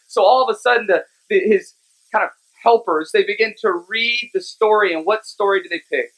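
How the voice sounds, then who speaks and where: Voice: mid-range voice, moderate pace, a bit bright, poor audio. A pastor retelling a scripture story in a casual, conversational sermon.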